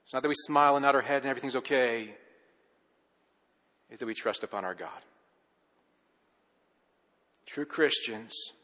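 A man preaching a sermon as pastor, telling stories with animation and then dropping to a soft, earnest hush. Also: mid-range voice, big-room sound.

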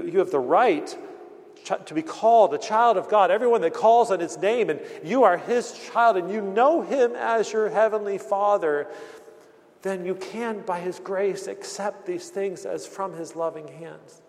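A man preaching a sermon as pastor, earnest, acting out the voices he quotes and often restarting his words. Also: a little high. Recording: long hall reverb.

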